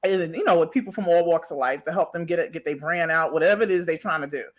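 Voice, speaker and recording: A New York woman with a New York accent co-hosts a podcast, speaking in a voice on the low side during a casual interview. She's direct and blunt, and quick to laugh.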